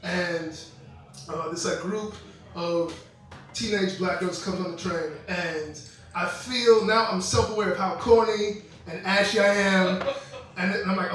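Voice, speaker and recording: A man's voice: sits high, fairly even intonation, unhurried, fairly bright tone, very echoey, far from the mic, low-quality recording. A young man performing a stand-up comedy set, telling stories with quoted voices and laughing asides on a club stage.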